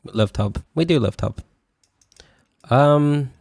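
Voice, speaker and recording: In studio-quality audio with no room sound, a young man speaks a little slowly in a fairly low voice while casually chatting as a VTuber streamer. He comes from northern England and has a Yorkshire accent with a slight Scottish and posh mix. Rambling and sweary, he laughs often and uses many fillers.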